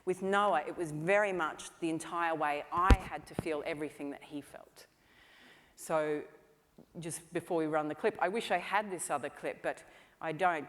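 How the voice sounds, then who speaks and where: A woman speaks from a conference stage, sharing anecdotes about her work in a loose, chatty way full of fillers. Her voice sits a little low. A long reverb from the hall trails after her words. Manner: chatty storytelling, many "you know" fillers. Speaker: film director giving a talk.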